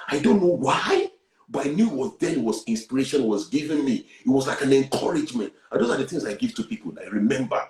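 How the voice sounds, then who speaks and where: A man, earnestly sharing a personal testimony and swinging between hushed and loud. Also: mid-range voice, expressive, fast talker, roomy sound, rough recording. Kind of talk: candid testimony on a talk show.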